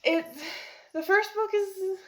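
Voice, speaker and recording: A woman's voice: very high-pitched, takes it slowly, a bit bright. A young woman talking casually about a book she just finished, emotional and rambling, laughing and close to tears. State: teary. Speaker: book reviewer. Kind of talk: casual book review vlog.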